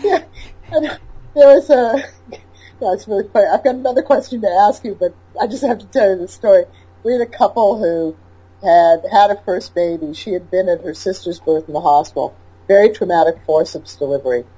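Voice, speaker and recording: Woman, low mellow voice, husky, animated storyteller, dull audio. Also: a little fast. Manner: animated storyteller, emphatic repetition. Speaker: interviewer, birth educator. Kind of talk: casual interview chat.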